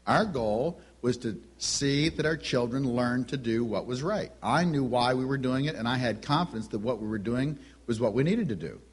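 A man's voice: mid-range voice, animated, normal speed, hardly any pauses, husky. A middle-aged man giving a teaching talk on Christian parenting, telling family stories and acting out the dialogue. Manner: storytelling, acts out family dialogue.

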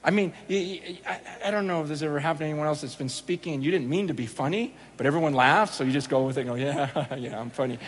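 A man's voice: a little high, quick pace, hardly any pauses. A middle-aged man preaching to a live audience, telling a story and acting out the dialogue with animation. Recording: reverberant hall with faint background noise.

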